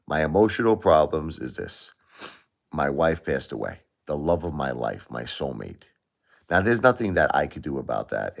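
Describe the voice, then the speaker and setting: Deep-voiced grieving man livestreaming. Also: creaky. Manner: grieving, repeats himself, emotional swings. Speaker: livestream host. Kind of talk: emotional livestream talk to viewers.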